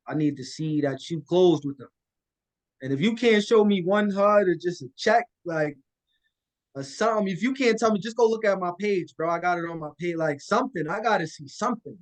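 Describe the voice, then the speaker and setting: A man's voice: a little high, low-quality recording. A man coaching listeners on a live call in a casual, confident way, acting out phone calls. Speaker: guest land investor.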